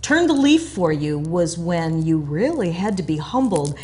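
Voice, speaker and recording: Female co-host, conversational and prompting, slightly low voice. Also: sing-song, a little slow, a little mellow. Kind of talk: talk show conversation.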